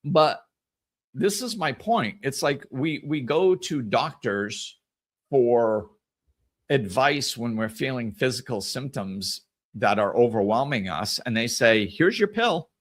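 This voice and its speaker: A man hosting a podcast in a casual solo monologue, telling stories in an animated way and repeating phrases for emphasis. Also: medium pitch, slow pace. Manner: animated storytelling, acts out conversations. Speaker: podcast host.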